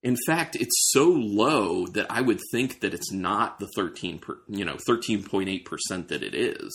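Gravelly low-voiced man describing a beer. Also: moderate pace. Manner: descriptive, relaxed, thinking aloud. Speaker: beer reviewer host. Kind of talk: casual tasting chat.

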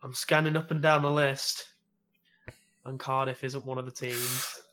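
A man's voice: medium pitch, level tone, unhurried, pushed and bright. A man hosting a casual football quiz, calling on players and confirming their answers. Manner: calls names, confirms answers, lists teams. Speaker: quiz host.

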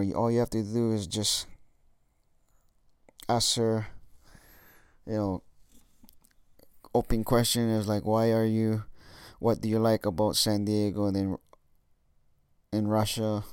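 Casual low-voiced swearing young man. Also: fairly even intonation, unhurried, long pauses, a little mellow, smooth, no room sound, clean studio sound. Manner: casual, swears often, frequent fillers. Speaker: dating coach vlogger. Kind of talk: casual monologue.

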